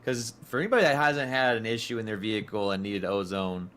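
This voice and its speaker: A man's voice: lowish voice, quick pace, fairly bright tone. A man co-hosting a casual podcast, reacting to a story with laughs and short comments. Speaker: podcast co-host. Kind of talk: casual chat.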